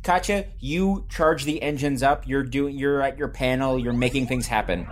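A man narrating a tabletop game as game master, with halting pauses and fillers. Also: medium pitch.

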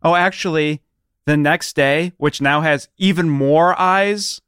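A man's voice: a little high, slow, a bit bright, smooth, no room sound, studio quality. Goofy man reading out an email. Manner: goofy, reads out what he types. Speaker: podcast co-host. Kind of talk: comedic banter.

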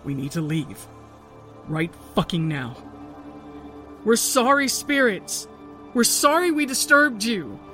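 A woman reading aloud, voicing a desperate young man who shouts orders to his friends in the woods. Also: sits low, animated, measured pace, faint music behind. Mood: frantic.

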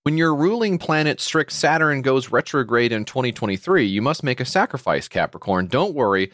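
Man cohosting a podcast, crude playful teasing, swooping highly animated pitch, dry close mic. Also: brisk, dry recording. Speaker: podcast co-host. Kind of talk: casual comedic banter.

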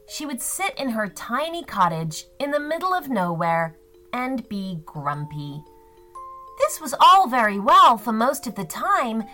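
A woman narrating a children's story in an expressive, sing-song storytelling way. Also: medium pitch.

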